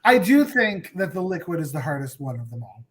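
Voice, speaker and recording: A woman's voice: lowish voice, big pitch swings, a little fast, crowd noise. A woman co-hosting a casual fan recap chat, enthusiastic and often repeating words as she starts a thought. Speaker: podcast co-host.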